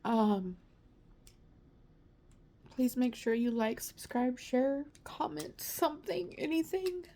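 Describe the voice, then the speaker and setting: Woman vlogger, choked up and tearful, halting delivery, fairly high, mellow voice. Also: expressive, gravelly. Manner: halting, broken phrases. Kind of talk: personal vlog to viewers.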